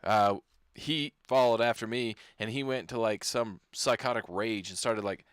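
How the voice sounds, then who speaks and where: A man co-hosting a comedy podcast, talking in a halting way with many restarts. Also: on the low side, clear, resonant tone, no echo, studio quality. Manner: halting, hesitant, full of restarts. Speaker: podcast co-host. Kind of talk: casual comedy chat.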